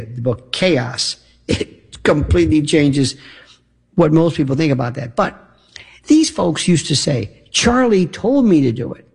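A male radio talk host in an opinionated monologue, rhetorical and animated, acting out imagined back-and-forth dialogue. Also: medium pitch, gravelly, breathy edge.

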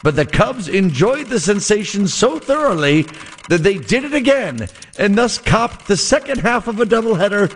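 A man voicing a florid old-time male radio sportscaster in a theatrical, drawn-out period delivery. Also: high-pitched, sing-song, a little hiss or hum, voice pushed up.

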